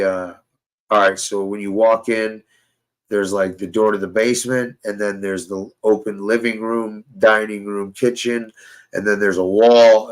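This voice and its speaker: Slow, profane rambling young man. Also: fairly low pitch, low-quality recording. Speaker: host. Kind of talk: casual chat.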